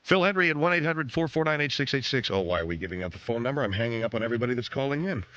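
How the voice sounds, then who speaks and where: A man's voice: mid-range voice, lively intonation, rapid-fire, fairly bright tone, no room sound, muffled recording. A man hosting a radio show, ranting in a sarcastic, self-mocking comic monologue from a studio microphone. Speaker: radio talk show host.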